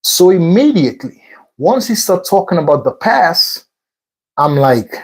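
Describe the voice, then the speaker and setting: A man's voice: high voice, very animated, measured pace, low-quality recording. A man casually telling a rambling personal story between workout sets, repeating himself and filling in with fillers. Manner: rambling, repetitive retelling with many fillers. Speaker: vlog host.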